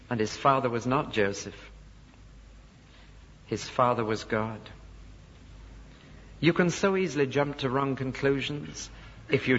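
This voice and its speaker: Captured dully in a big, echoing hall, a preacher with a mid-range, slightly rough voice explains scripture in his sermon and acts out the voices of those he quotes.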